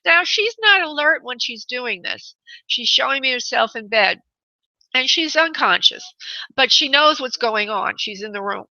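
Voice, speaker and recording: Woman radio psychic host, bright tone, affectionate and tender, dull lo-fi radio sound. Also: fairly high pitch, a little slow, gravelly, no room sound. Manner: tender, affectionate, calls callers honey and sweetheart. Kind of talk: live radio psychic reading.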